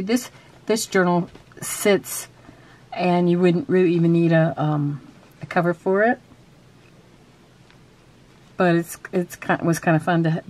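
Woman craft vlogger, chatty and halting, reading out a quiz. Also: on the low side, darkish tone. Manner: chatty, with frequent fillers and restarts; reads quiz questions aloud. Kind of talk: casual show-and-tell and quiz.

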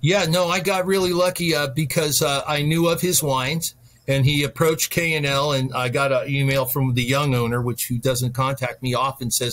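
A man's voice: fairly high pitch, normal speed, a bit bright. A middle-aged man, a wine specialist, chatting as a guest and telling long anecdotes, with frequent restarts. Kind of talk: storytelling interview chat.

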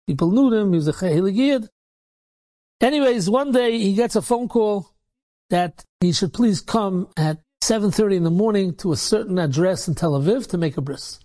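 A man's voice: high-pitched, lively intonation, moderate pace, dark tone. Rabbi telling a story, man. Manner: casual, repetitive retelling peppered with Yiddish and Hebrew words.

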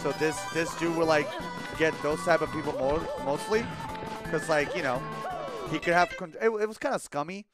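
A man's voice: fairly high pitch, moderate pace, over loud music. A young man streaming a game and rambling through a casual story, with lots of likes and restarts.

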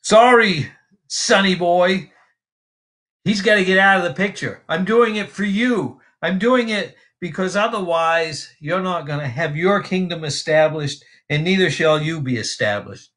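A man's voice: high-pitched, animated, unhurried, fairly bright tone, pitched above the performer's own voice. A man voicing an angry, insecure old king scolding his son while retelling a Bible story. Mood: urgent scolding. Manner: urgent, scolding.

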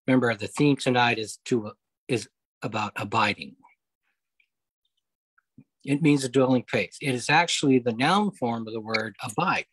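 A man leading a Bible study over a video call, explaining scripture step by step, often pausing on okay and uh. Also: mid-range voice, a bit bright, husky, dry recording, low-quality recording. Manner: explanatory, repeats key points, frequent okay and uh. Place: home, online meeting.

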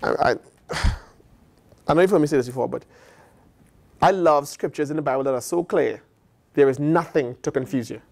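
A man's voice: fairly high pitch, normal speed, gravelly, pauses often, a little mellow. A man with an American accent, a pastor preaching a sermon and acting out the voices of God and the prophets.

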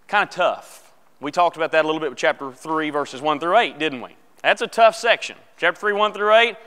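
A man leads a church Bible class in a smooth, fairly high voice. He reads scripture aloud and jokes casually with the class. His voice carries a long reverb from a church hall. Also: sharp tone. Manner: casual, joking, asks the class questions.

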